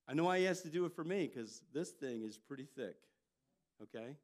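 Older guy pastor preaching, storytelling, gets loud then drops, voice a bit high. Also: moderate pace. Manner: storytelling, animated delivery with jumps in loudness. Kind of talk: sermon.

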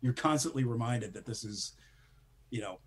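Male guest writer, conversational and animated, husky voice, mid pitch, acts out anecdotes. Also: normal speed. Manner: animated storyteller, acts out quotes, laughs often. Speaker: guest screenwriter. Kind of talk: casual interview chat.

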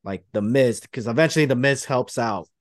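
A man's voice: medium pitch, fairly quick, no room sound, clean studio sound. A man hosting a podcast, rambling through a play-by-play retelling in casual chat. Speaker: podcast host.

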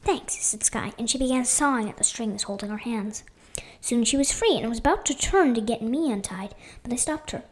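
A woman reads her own story aloud with a high, lively voice that swoops up and down. She narrates expressively, sometimes dropping to a whisper. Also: a little fast. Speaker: reader. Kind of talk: first-person story reading.

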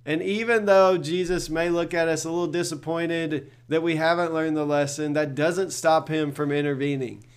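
A man's voice: on the high side, fairly even intonation, moderate pace, few pauses, smooth. A middle-aged male pastor giving a devotional talk in an earnest, conversational way, often repeating words as he thinks.

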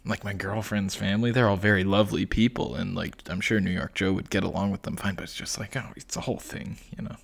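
A man's voice: lowish voice, fairly even intonation, fast, creaky, few pauses. A young man co-hosting a podcast, talking casually and laid-back from a home. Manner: laid-back, lots of fillers. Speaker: podcast co-host. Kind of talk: casual chat. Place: girlfriend's family home.

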